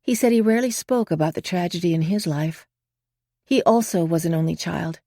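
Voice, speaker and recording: A woman reads a suspense audiobook in a calm, measured way, her voice sitting low. The recording is dry and close, as from a booth with no room sound. Her storytelling is steady and unhurried. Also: dry recording. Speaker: audiobook narrator. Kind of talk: scripted audiobook narration.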